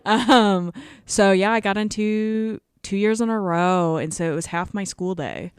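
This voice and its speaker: A young woman guest chats easily about her life as an artist, quick to laugh. Her voice is smooth and clear at a middle pitch, recorded close with no room sound. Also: no echo. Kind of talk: casual chat.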